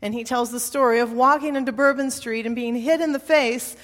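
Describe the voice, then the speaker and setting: A woman preaches a sermon in a storytelling way, hammering her points with repetition. Her voice sits somewhat high. It carries a long reverb from a large church hall. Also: fairly even intonation, fairly quick.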